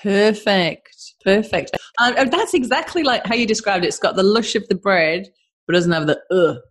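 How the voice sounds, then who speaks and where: A woman's voice: mid-range voice, animated, moderate pace, a little hiss or hum. A woman hosting a podcast in a casual, chatty, upbeat way, with plenty of fillers. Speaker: podcast host.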